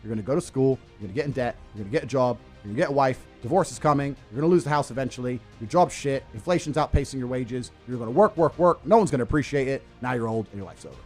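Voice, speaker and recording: A man giving blunt, forceful advice, swearing and acting out what he would say. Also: mid-range voice, lively intonation, rapid-fire, few pauses, soft background music. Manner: blunt, forceful, swears, acts out quoted lines. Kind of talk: motivational advice clips.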